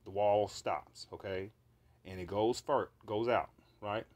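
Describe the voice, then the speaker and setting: A man's voice: lowish voice, takes it slowly. A man recounting a vivid dream in a casual monologue, swearing freely and rambling with fillers and restarts. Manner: profane, animated, rambling with fillers.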